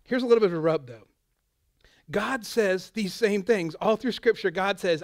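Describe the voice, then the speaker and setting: A man with a high, smooth and resonant voice preaches a chatty, informal sermon. He keeps drifting into asides and quick quoted lines. The sound is dry and close. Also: no echo. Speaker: pastor.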